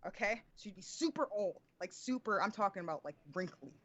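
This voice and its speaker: A woman's voice: medium pitch, expressive, a little fast, a bit bright, lo-fi sound. A woman co-hosting a gaming podcast, chatting casually and laughing as she rambles. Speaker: podcast co-host. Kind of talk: casual chat about games.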